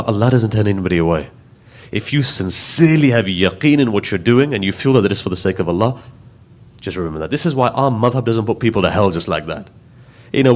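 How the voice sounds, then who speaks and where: Man preaching a storytelling sermon. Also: lowish voice. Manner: storytelling, building to impassioned emphasis.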